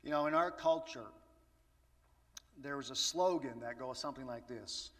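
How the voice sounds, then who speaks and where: A man's voice: medium pitch, normal speed, a bit bright. A man preaching a sermon in a conversational way, putting rhetorical questions to the audience. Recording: echoey hall from far off.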